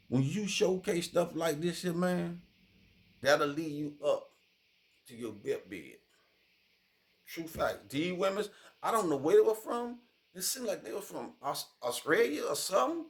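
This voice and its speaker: A man's voice: on the high side, vocal fry. A streetwise man giving casual true crime commentary, forever checking in with "you feel me". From Miami.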